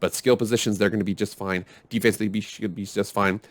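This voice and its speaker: A man's voice: lowish voice, steady tone, fast talker, no room sound. A man hosting a casual sports commentary video, rambling and arguing back and forth with himself. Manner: rambling, self-arguing, restarts often.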